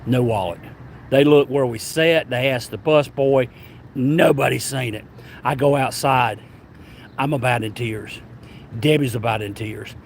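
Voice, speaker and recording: A man's voice: medium pitch, unhurried, creaky, slight background noise. Rambling Southern man telling a story. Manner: animated, rambling, stammering restarts. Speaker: travel vlogger. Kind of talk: casual storytelling.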